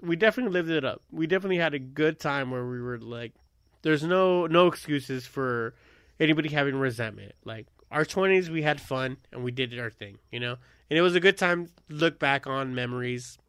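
A man in his thirties casually telling a swearing, animated story, acting out quotes. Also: medium pitch, brisk, clear, resonant tone, no echo, studio quality. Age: 30s.

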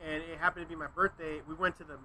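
A man in casual, profane chat with friends, cutting in with quick remarks. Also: fairly high pitch, little pitch movement, crowd noise, poor audio. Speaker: podcast co-host.

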